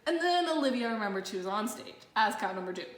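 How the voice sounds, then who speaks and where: A woman reading a children's picture book aloud in a lively, expressive storytelling manner. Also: medium pitch, fast. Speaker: storybook narrator. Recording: roomy echo.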